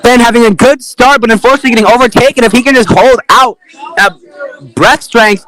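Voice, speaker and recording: A young man commentating a live race event, excitable, with calls that build into rapid repetition. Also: very high-pitched. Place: indoor room with a chanting crowd. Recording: noisy room with cheering crowd.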